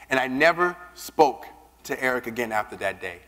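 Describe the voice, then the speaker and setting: A man giving a keynote speech, telling a personal story with lively, acted-out dialogue. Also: mid-range voice, moderate pace. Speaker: keynote speaker. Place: large conference hall. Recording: long reverb of a big hall.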